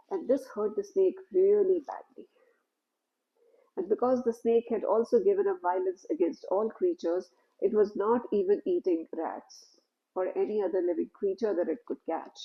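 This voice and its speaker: A woman telling a spiritual story in a gentle, unhurried, conversational way. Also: mid-range voice, dull audio.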